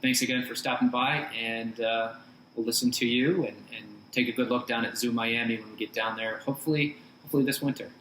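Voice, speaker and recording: Halting podcast host in an echoey room. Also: male voice, medium pitch, fairly even intonation, fairly bright tone. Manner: halting, slow, with many restarts. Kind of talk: interview. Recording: roomy audio with faint hiss.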